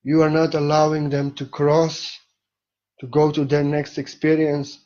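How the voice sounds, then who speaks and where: Man, spiritual speaker: very slow, soft and reflective delivery with pauses, dull lo-fi recording. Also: fairly high pitch, completely flat delivery. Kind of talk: spiritual talk.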